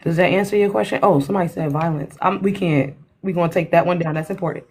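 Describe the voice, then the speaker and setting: A woman's voice: on the low side, fairly even intonation, fast talker, darkish tone, breathy edge. A woman hosting a livestream panel over an online call, blunt and mocking, cutting in on a heated casual debate.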